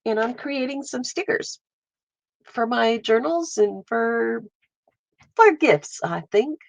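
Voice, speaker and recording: In a dry recording, a woman with a stuffy nose hosts a casual live art stream, painting watercolours and chatting with her viewers. She speaks a little slowly on the high side, with lively intonation and vocal fry.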